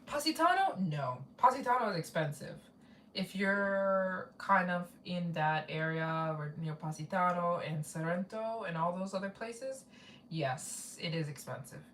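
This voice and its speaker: A woman's voice: fairly low pitch, expressive, measured pace, fairly bright tone, far from the mic, slight background noise. Rambling woman live-streaming from a roomy space. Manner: rambling, repeats herself, reads out donations. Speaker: travel vlogger hosting a fundraiser live stream. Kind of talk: casual live-stream chat.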